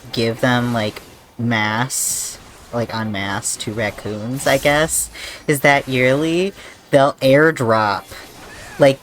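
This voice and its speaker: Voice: medium pitch, a bit bright, slight background noise. A game streamer chatting casually with a co-op partner, rambling with lots of fillers. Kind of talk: casual chat while gaming. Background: faint game music.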